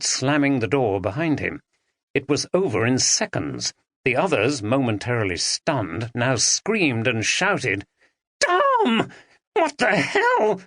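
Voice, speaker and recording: A man narrating an audiobook thriller, expressive and dramatic, on a close studio mic. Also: medium pitch, dry recording. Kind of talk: scripted narration.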